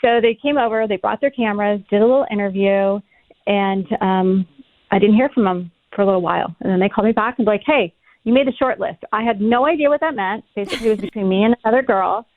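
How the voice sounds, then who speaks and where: A middle-aged woman telling stories as a podcast guest in an animated, casual way, cursing freely. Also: mid-range voice, fast talker, dry recording. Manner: animated, swears freely, acts out her own past lines. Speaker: podcast guest, reality TV cast member. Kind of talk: casual storytelling chat. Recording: tinny phone-like line, dry.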